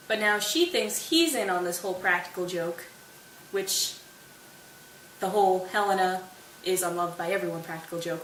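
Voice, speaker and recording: A woman in a roomy space, heard from a distance over faint hiss, walks through a classic comedy's plot with playful asides. Her pitch is average and her tone is chatty and casual. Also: a bit bright. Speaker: host.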